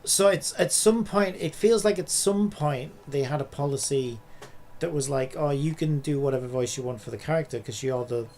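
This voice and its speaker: Streamer guy, gravelly voice, rambles with lots of like and you know, faint noise behind. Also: on the high side, moderate pace, a little mellow. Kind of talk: casual commentary while gaming.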